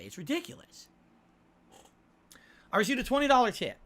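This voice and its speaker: This man streams live and reads his chat aloud, defending himself in his replies and repeatedly saying "right?". His high voice swings widely in pitch and is bright and forceful, brisk yet marked by long pauses.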